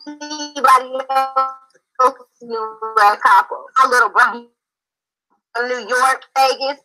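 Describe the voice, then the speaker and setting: A woman's voice: sits high, steady tone, takes it slowly, pushed and bright, soft background music, low-quality recording. Confrontational woman on a call. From Philadelphia. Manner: confrontational, emphatic and repetitive. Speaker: panel guest. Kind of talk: heated live-stream call-in.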